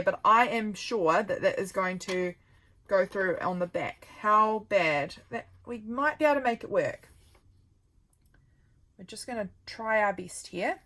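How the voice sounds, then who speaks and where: A woman's voice: mid-range voice, fairly bright tone, poor audio. A woman vlogger chatting casually as she works on a craft project, thinking aloud and poking fun at her own mistakes. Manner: thinks aloud while working, rambling and self-deprecating.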